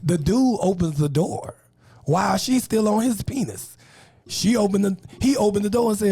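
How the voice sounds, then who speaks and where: A man from New Orleans, a comedian guest on a podcast, telling stories in an animated, profane way and acting out the scenes. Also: high voice, moderate pace, creaky, husky, no room sound, studio quality. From New Orleans, USA. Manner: expressive, profane, acts out the scene. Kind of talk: animated comic storytelling.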